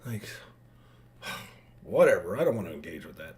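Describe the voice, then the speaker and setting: A man's voice: deep voice, very animated, normal speed, a little mellow, slight background noise. A man talking to his daughters in an emotional vlog monologue, heartfelt and rambling, with frequent restarts. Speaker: father addressing his daughters.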